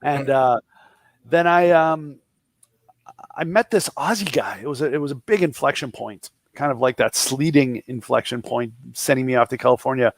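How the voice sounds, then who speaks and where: A man's voice: mid-range voice, normal speed, no room sound. A man in his fifties from the Boston area with a Boston accent, telling jokey stories as an interview guest and voicing the people in them. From Boston area, USA. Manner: joking anecdotes with voiced quotes of others. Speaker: guest, entrepreneur. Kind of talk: casual interview storytelling.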